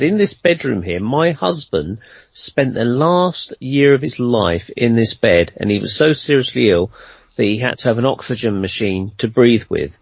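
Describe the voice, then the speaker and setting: A man's voice: mid-range voice, vocal fry, breathy edge, no room sound, muffled recording. A man telling a long anecdote in a casual interview, rambling and conversational, with lots of fillers and restarts. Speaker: guest storyteller.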